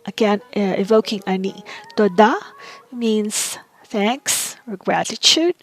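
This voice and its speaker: Slow-paced woman teaching vocabulary. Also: medium pitch. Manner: patient, repeats words, checks with "right?". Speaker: language teacher.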